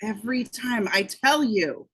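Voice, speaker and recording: A woman's voice: on the high side, unhurried, pushed and bright, husky, full character voice. A woman reading a lazy, nagging male sidekick. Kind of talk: amateur script table read.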